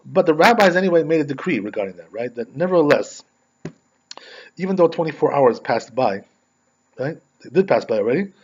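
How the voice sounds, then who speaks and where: Fast-talking rabbi teaching casually. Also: male voice, on the high side, sing-song, husky. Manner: conversational, frequent "right?" tag questions. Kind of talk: religious law lesson with storytelling. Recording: dull lo-fi recording.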